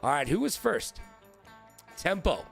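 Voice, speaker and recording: A man hosting a live-stream trivia game, excitable and profane, riffing with his chat. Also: fairly high pitch, a little slow, gravelly, faint music behind.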